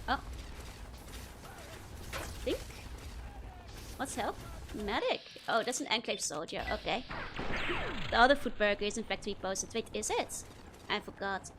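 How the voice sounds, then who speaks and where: A woman's voice: mid-range voice, animated, a little slow, long pauses, a bit bright, a little hiss or hum. A young woman with a Dutch accent chatting casually while playing a game, laughing often as she answers her chat. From Netherlands. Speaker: streamer.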